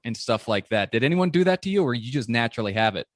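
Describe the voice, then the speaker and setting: A man's voice: medium pitch, dry recording. Hyped-up Ohio man hosting, dry mic. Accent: Central Ohio. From Zanesville, Ohio. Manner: fast, excitable, self-deprecating. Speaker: podcast host. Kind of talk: casual sports interview.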